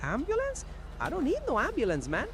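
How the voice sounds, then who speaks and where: A woman's voice: high-pitched, huge pitch swings, fairly quick, background noise, exaggerated voice. A synthetic woman's voice playing a defiant young male suspect in a game, protesting his arrest. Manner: protesting, insistent, dismissive.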